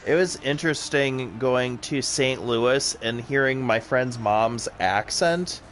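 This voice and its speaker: A man with a Wisconsin accent talking loosely while playing a game, stringing thoughts together with plenty of fillers. His voice sits at an ordinary middle pitch. A faint hum of room noise sits behind him. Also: slow pace, a bit bright. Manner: rambling, filler-heavy, chatty. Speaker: co-host of a gaming stream. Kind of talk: casual chat while playing.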